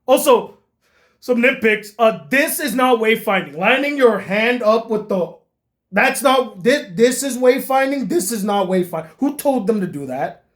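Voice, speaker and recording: A man giving a profane, exasperated comedic movie rant as a film critic, often bursting into shouts. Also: extremely high pitch, lively intonation, measured pace.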